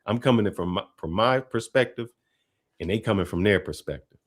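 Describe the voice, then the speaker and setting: Low-pitched male commentator, casual and talkative, reacting to a clip. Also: brisk. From Detroit, Michigan. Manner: relaxed, chatty, slangy delivery with laughs.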